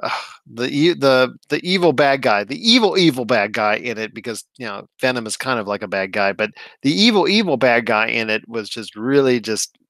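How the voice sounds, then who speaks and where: An enthusiastic man co-hosting a casual movie review talk, leaning on stock phrases as he goes. His voice sits at an ordinary middle pitch. The sound is dry and close, with no room echo. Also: expressive, moderate pace, a bit bright. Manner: enthusiastic, repeats catchphrases like "I'll tell you what". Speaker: movie podcast host.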